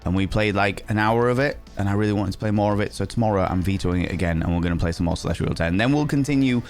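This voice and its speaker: A man's voice: rapid-fire, faint music behind. A young man chatting playfully on a live stream, teasing viewers, a bit under the weather with sore sinuses. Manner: playful, teasing, theatrical swings in pitch. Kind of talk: casual live-stream chat.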